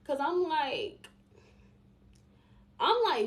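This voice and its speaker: A woman's voice: on the high side, animated, normal speed. Chatty young woman telling a story. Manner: chatty and emphatic, addresses viewers directly. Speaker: vlogger. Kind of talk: casual storytime.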